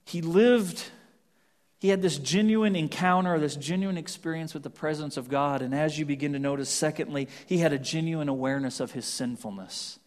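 A man preaching a sermon, swinging from loud emphatic scripture reading to hushed, almost whispered lines. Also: a little high, normal speed. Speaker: pastor.

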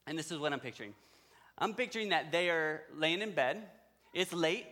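A man with a somewhat high voice delivers a sermon. He tells the story in a relaxed, conversational way and speaks directly to the men listening. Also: normal speed. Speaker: pastor.

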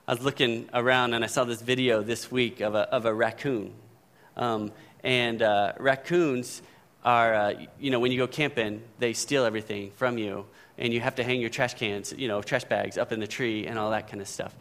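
A man's voice: mid-range voice, fairly even intonation, normal speed, fairly bright tone. A man preaching a sermon in a conversational way, often checking in with the congregation. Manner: conversational preaching, frequent "right?" asides. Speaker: pastor.

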